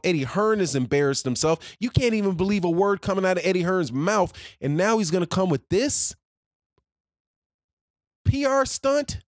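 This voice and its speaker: A man's voice: high-pitched, dry recording, studio quality. A man ranting heatedly as a boxing commentator, slangy and repeating his points for emphasis. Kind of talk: ranting opinion vlog.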